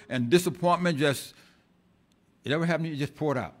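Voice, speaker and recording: A male pastor delivers an impassioned sermon in a church, with a fairly high voice. He swings from loud, emphatic lines to hushed asides, often restarting and repeating words as he builds his point. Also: brisk, pauses often.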